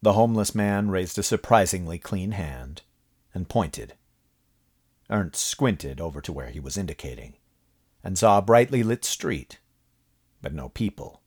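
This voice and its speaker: A man narrating a horror story from a script, with expressive, dramatic delivery. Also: deep voice, measured pace, pauses often, breathy edge. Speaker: audiobook narrator.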